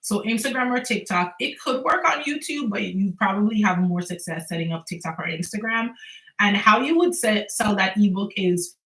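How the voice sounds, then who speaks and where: A woman's voice: medium pitch, moderate pace, a bit bright. Chatty woman with a Caribbean accent. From Antigua and Barbuda. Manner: chatty, laughs often, answers viewer questions. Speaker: small business owner and livestreamer. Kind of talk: casual livestream chat. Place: home. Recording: roomy echo.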